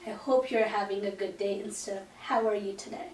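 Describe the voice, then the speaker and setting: A woman's voice: medium pitch, fairly even intonation, brisk, darkish tone. A woman hosting a podcast, talking in an earnest, reflective way. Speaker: podcast host. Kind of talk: casual podcast conversation. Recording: echoey room, distant mic.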